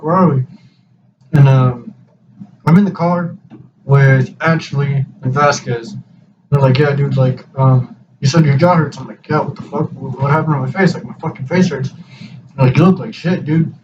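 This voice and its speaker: A young man in his twenties casually telling a long, profane story, with a lot of quoted back-and-forth dialogue. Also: mid-range voice. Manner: profane, rambling, animated retelling with quoted dialogue. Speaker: podcast host. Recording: distant mic, dull lo-fi sound with clear background hiss.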